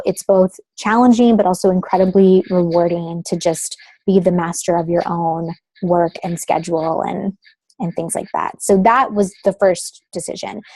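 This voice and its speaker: Woman in her 30s, guest on a phone interview, lots of likes and ums, warm mellow tone, dry sound. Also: on the low side, dry recording. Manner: chatty, uses many fillers like "like" and "um". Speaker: guest, creative consultant. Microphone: phone call.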